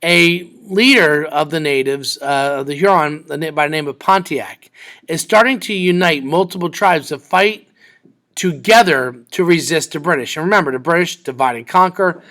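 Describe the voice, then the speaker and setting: A man's voice: on the high side, moderate pace, pushed and bright. A man teaching a history lesson in a conversational way, acting out quoted exchanges between the sides.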